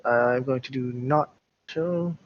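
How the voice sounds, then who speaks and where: A man playing in an online tabletop game, easygoing and quick to laugh. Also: mid-range voice. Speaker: player. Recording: dull, lo-fi voice chat.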